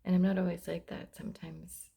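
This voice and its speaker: A middle-aged mother talking about faith and self-love in a casual vlog, often dropping into soft whispers. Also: lowish voice, little pitch movement, a little fast, vocal fry, husky. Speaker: mother sharing reflections. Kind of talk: casual heartfelt vlog talk.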